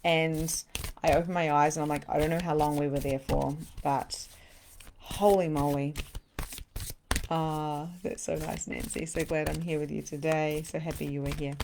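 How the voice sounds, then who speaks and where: A middle-aged woman leads a live guided meditation, her voice soft and soothing with breathy sighs. Her pitch sits a little low for a woman, and she moves easily between gentle instruction and relaxed chat with viewers. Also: moderate pace, slight background noise. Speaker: spiritual coach leading a live session.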